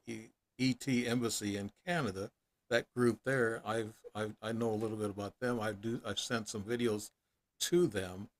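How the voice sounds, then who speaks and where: Rambling male podcast host. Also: medium pitch. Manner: rambling, stumbling questions. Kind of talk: casual interview talk.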